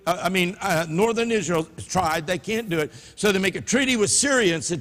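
A pastor with a Louisiana Southern accent preaching a sermon in a church sanctuary, swinging from low murmurs to loud emphatic peaks. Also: male voice, a little fast, hardly any pauses. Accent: Louisiana Southern American. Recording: reverberant church hall.

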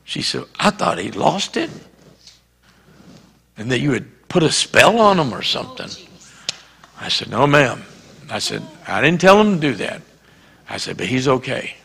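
A man's voice: medium pitch, very animated, unhurried, creaky, pauses often, pushed and bright, slightly rough. A man with a Southern US accent preaching a sermon as pastor, telling a story and acting out the dialogue. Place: church sanctuary. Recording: reverberant church hall.

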